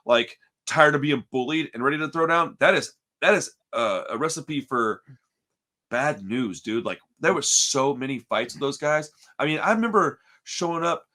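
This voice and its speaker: A man hosting a podcast, telling a story in casual, profane chat and calling everyone "dude". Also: mid-range voice. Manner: animated, profane, says "dude" constantly. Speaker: podcast host.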